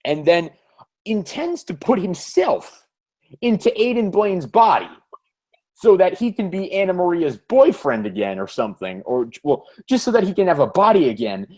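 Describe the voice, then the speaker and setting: A man's voice: high voice, very animated, normal speed, darkish tone. A man co-hosting a podcast, talking sarcastically and animatedly about comics in a casual way. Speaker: podcast co-host. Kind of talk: casual comic book discussion.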